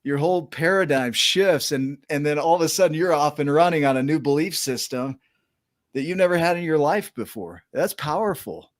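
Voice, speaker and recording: A man's voice: a little high, expressive, moderate pace, no room sound, studio quality. A man hosting a podcast interview, talking emphatically and enthusiastically, often checking in with "right?". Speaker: podcast host.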